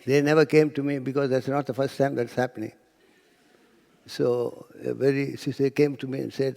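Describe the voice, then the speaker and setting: This spiritual speaker has a steady, mid-range, gravelly voice that's a little mellow, moving at a normal speed with long pauses. He tells stories to a lecture hall audience, performing quotes and occasionally going nearly to a whisper, all with a big-room sound.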